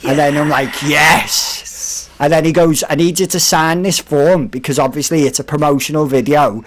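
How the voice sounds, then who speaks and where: This man's voice sits fairly high and moves at an ordinary speed. Appearing as a guest on a podcast, he spins a lively, casual tale and imitates each character's voice as he quotes them.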